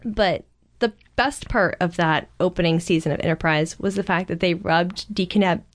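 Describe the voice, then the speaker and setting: A woman's voice: fairly low pitch, normal speed, no room sound. Woman, thirties, eager, rambling, casual podcast chat, dry sound. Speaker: podcast co-host.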